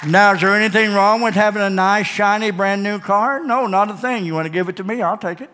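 A man's voice: high voice, fairly quick, sharp tone, a faint crowd, slight background noise. A man preaching a sermon in a church, telling folksy stories and joking with his congregation before calling them to the altar. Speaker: pastor. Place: church sanctuary. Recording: live church sound with long reverb and faint guitar.

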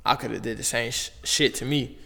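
A man's voice: mid-range voice, fairly even intonation, brisk, gravelly, sharp tone, in a large hall. A young man from Las Vegas, a basketball player telling his story in loose, slangy casual talk full of fillers and restarts. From Las Vegas, USA.

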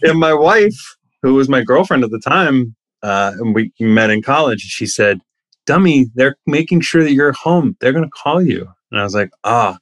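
Man, middle-aged, casual storyteller, animated, acts out quotes, middle pitch, dry close sound. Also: moderate pace, dry recording. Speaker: actor guest.

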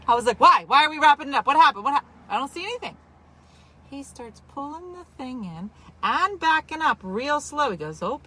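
A woman from New Jersey telling a story in casual chat, animated and exaggerated, with quick asides. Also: a little high, husky.

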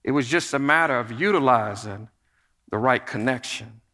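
A middle-aged man, the pastor, giving an earnest, conversational sermon to his church that drops to a soft hush in prayer. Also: mid-range voice, moderate pace. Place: church sanctuary. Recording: long reverb of a large church hall.

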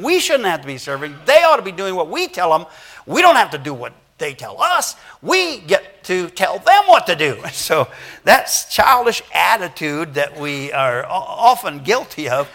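Older male pastor, folksy and bright-toned. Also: fairly high pitch. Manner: folksy, conversational preaching with frequent restarts; acts out children's voices in anecdotes. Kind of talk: sermon.

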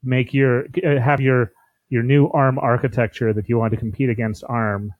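A man's voice: mid-range voice, flat delivery, moderate pace, no echo. Stammering man on a dull lo-fi mic. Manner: stammering, repeats words. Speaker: podcast host. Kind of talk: casual podcast chat.

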